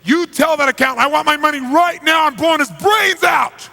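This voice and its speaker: A man voicing a hot-tempered, impatient male mafia boss who shouts threats. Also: very high-pitched, fairly quick, vocal fry, in a large hall, voice pushed up, heavily acted. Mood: furious.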